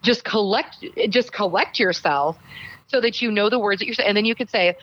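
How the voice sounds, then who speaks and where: A woman, a speech professor and voice coach, giving deliberate and emphatic advice as a podcast guest. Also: medium pitch, a bit bright, muffled recording.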